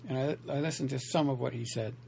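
An independent writer and vlogger talks alone to camera, his medium-pitched voice fast, creaky and a little mellow over a faint hiss or hum. He rambles and meanders, correcting himself often, restarting sentences and leaning on fillers.

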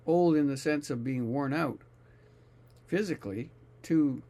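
A man's voice: on the high side, measured pace, mellow. A man reading scripture aloud and musing on it casually, often searching for words. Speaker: scripture reader and commentator.

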